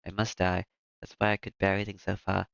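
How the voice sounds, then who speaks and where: A man's voice: sits low, completely flat delivery, quick pace, vocal fry. A man reading a guilt-ridden weeping young woman. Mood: anguished. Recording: lo-fi with loud music behind.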